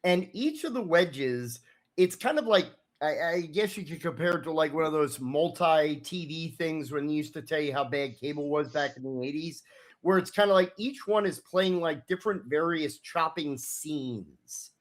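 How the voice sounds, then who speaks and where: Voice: mid-range voice, animated, moderate pace. A game master narrating a tabletop role-playing scene in a loose, rambling way with many fillers.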